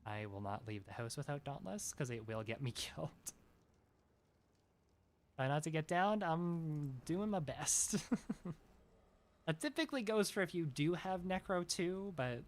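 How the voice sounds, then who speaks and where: A woman's voice: deep voice, animated, measured pace, pauses often. Giggly rambling woman streamer. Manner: rambling, giggly, many restarts. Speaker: game streamer. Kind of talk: casual gameplay commentary.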